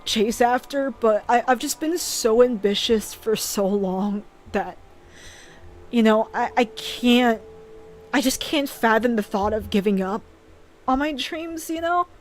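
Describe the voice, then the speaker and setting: On a relaxed live stream, a young woman streamer and animator talks sincerely about her dreams in a fairly high, slightly mellow voice. Her sentences keep faltering and starting over, and she becomes tearful and emotional.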